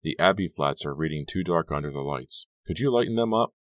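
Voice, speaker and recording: A brisk teenage boy giving notes and cues, plainly businesslike, as a man puts him on. Dry, close storybook sound. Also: very deep voice, animated, fairly bright tone, dry recording. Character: teenage boy stage manager, prankster.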